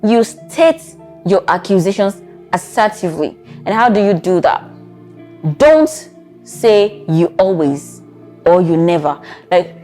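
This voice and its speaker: A woman with a Nigerian accent giving relationship advice in a vlog, animated and acting out both sides of arguments. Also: on the low side, unhurried, faint music behind. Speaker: relationship coach.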